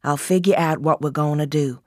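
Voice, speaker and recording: A woman voicing a teenage boy who speaks with calm, firm authority. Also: sits low, moderate pace, no room sound, studio quality. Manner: steady and authoritative. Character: calm, commanding teenage older brother.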